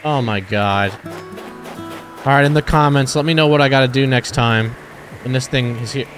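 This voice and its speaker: A young man giving excitable, cursing let's-play commentary while thinking aloud. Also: medium pitch, normal speed. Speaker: gaming channel host. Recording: game music behind.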